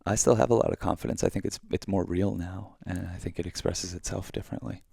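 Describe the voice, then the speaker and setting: A deep, gravelly male voice in easygoing podcast chat. He rambles along with plenty of "like" and "um", unhurried and mellow. The sound is dry and close. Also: fairly even intonation, no echo. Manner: laid-back, rambling, many fillers. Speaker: podcast co-host.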